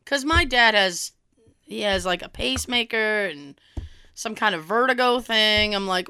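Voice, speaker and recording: A woman chatting casually, telling an animated family story and swearing freely. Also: mid-range voice, a little slow, smooth. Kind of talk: casual chat.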